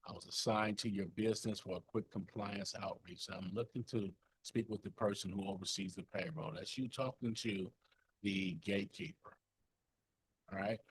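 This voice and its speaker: A man's voice: fairly low pitch, fairly even intonation, normal speed, a little hiss or hum. A man leading a sales training session on a call, coaching in a conversational way with lots of fillers and check-ins.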